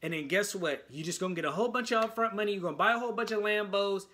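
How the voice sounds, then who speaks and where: A man from the United States giving casual music reaction commentary, talking excitedly and stumbling over his words. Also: sits high, very fast, a little hiss or hum.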